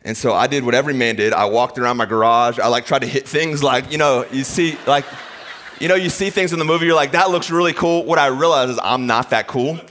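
A pastor in his thirties, speaking fast in a mid-range voice, tells a funny personal story during a sermon. He's an animated, self-mocking storyteller who acts out the people and their quotes. The recording carries a long hall reverb.

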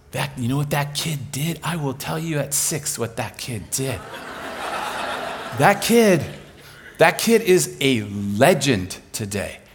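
A man preaching a sermon, telling a story with lively acted-out voices that swing from hushed to loud. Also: a little high. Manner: animated, acts out voices in his stories, swings from hushed to loud.

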